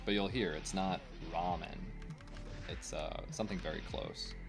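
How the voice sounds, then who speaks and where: Low-voiced man chatting to viewers. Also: moderate pace. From United States. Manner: rambling, opinionated, full of fillers. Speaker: game streamer. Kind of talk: casual chat with stream viewers. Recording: faint game music behind.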